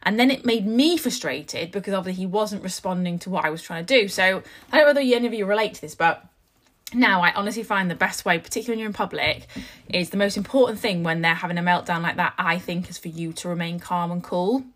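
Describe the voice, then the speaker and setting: Chatty young mum vlogger. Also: female voice, on the low side, fast talker, fairly bright tone. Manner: chatty, rambling, heavy use of "like". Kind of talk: casual storytelling to viewers.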